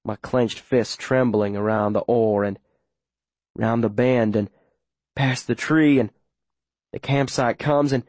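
A man's voice: mid-range voice, fairly even intonation, measured pace, a little mellow, no room sound. Man narrating an urgent, tense audiobook. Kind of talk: first-person audiobook narration.

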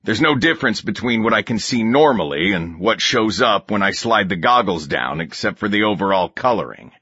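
Husky low-voiced male audiobook narrator. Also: expressive, normal speed, bright, forceful tone, dry recording, lo-fi sound. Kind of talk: scripted narration of a war novel.

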